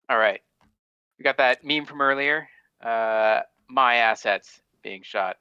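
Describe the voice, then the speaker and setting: A man joining a casual podcast chat, upbeat and agreeable, often chiming in with quick replies. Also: medium pitch, clear, resonant tone, dull audio. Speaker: podcast guest.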